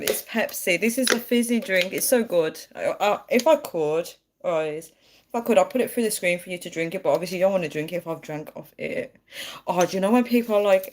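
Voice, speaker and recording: A woman's voice: low-pitched, a little hiss or hum. A woman chatting casually on a live stream, giggling and reading out viewer comments.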